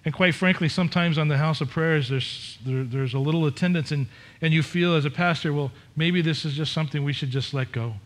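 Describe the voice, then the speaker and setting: A man's voice: fairly high pitch, brisk. A middle-aged man preaching a sermon as pastor, candid and conversational, with frequent restarts and repetitions.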